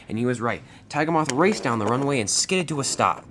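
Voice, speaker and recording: Guy telling a homemade train story, animated voice, slight hiss. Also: medium pitch, brisk. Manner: plain storytelling with restarts. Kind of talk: fan story narration.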